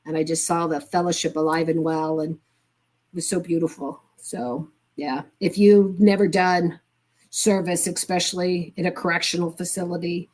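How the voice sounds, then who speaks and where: A woman's voice: on the low side, level tone, measured pace, a little mellow. An older woman as a guest in conversation, telling an earnest, heartfelt story from her volunteer work. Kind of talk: casual conversation.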